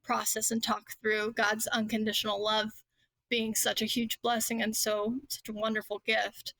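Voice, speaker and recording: Bright, quick-talking woman guest. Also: a little high, monotone, dry recording. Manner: quick, earnest, laughs lightly mid-sentence. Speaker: podcast guest, children's book author. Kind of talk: casual conversational chat.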